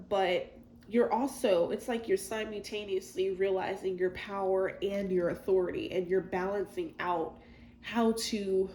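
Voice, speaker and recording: A chatty woman reads tarot cards in a loose, rambling way, full of fillers and side remarks. Her mid-pitched voice sounds roomy and echoey, with a faint hiss underneath. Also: darkish tone. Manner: chatty, many fillers and asides. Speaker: tarot reader. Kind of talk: casual tarot reading. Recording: echoey room with faint noise.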